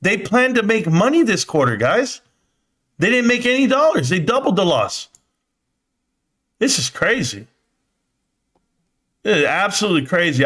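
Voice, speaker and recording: A man's voice: fairly high pitch, pushed and bright. Exasperated man ranting on a livestream. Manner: exasperated ranting, swearing, voice jumping up in disbelief. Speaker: livestream host. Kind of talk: live stock commentary reading chat.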